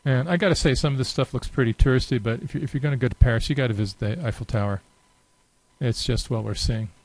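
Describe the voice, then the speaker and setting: A man presenting a software demonstration, talking casually and unhurriedly with frequent filler pauses as he walks through the screen. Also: mid-range voice, no room sound, rough recording. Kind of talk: unscripted screen-share walkthrough.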